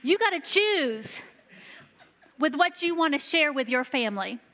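A woman giving a sermon to a church, telling stories earnestly and slowing down for emphasis. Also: sits high, big pitch swings, bright, forceful tone. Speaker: church children's ministry leader. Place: church sanctuary. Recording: long reverb of a large hall.

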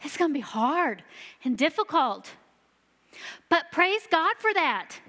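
A woman giving a sermon to a church, telling stories earnestly and slowing down for emphasis. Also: high-pitched, sing-song, pushed and bright. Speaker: church children's ministry leader. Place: church sanctuary. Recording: long reverb of a large hall.

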